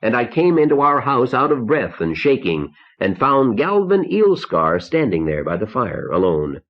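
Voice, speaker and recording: A man narrating a short story in the first person, measured and somber, on a dull old cassette tape. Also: mid-range voice, big pitch swings. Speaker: audiobook narrator.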